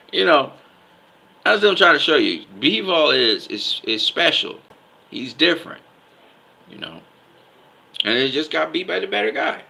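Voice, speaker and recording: A man's voice: fairly high pitch, gravelly, bright, forceful tone, slightly rough, rough recording. A man giving casual boxing commentary, emphatic, often repeating himself and stopping to ask "okay?".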